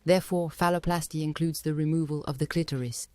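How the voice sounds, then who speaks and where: A woman reading a scripted documentary voice-over in a measured, matter-of-fact way. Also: deep voice, steady tone. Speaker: documentary narrator.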